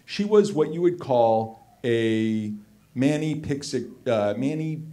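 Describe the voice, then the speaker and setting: A man from Los Angeles telling a comedic story live on stage, animated and excitable, peppering his talk with "like". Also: medium pitch. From Los Angeles, United States. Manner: animated, excitable, heavy use of "like".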